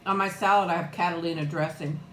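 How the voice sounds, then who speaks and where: A woman's voice: on the low side, steady tone, quick pace, a little hiss or hum. Woman, middle-aged, chatty, greets viewers by name, laughs easily, roomy home sound. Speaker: live-stream eating vlogger. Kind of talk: casual live-chat eating stream. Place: room at home. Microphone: new external mic, close.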